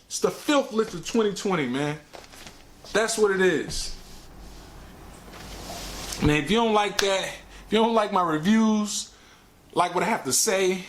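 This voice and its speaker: A man's voice: high voice, fairly bright tone. A man hosting his own show, ranting casually about bad movies in slangy, emphatic talk that repeats words for effect. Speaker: movie reviewer, show host.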